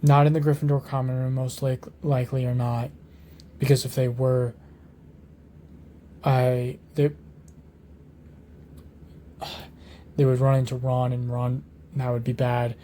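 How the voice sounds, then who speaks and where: Harry, a man voicing a hurried young wizard boy. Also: mid-range voice, level tone, dark tone, slight background noise, natural voice. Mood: urgent.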